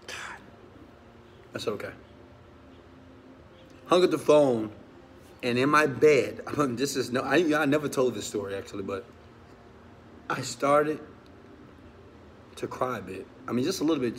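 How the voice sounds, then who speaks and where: A man, a motivational speaker, tells a personal story with strong feeling. He swings from loud urging to hushed confession and keeps asking his listeners questions. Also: a little high, slight background noise. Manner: talks straight to listeners with questions.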